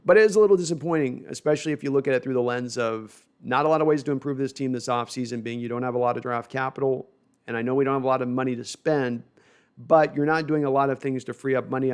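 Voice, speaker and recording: Man, gravelly voice, mid-pitched, casual sports stream host, rambling, self-deprecating. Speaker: host reading viewer comments.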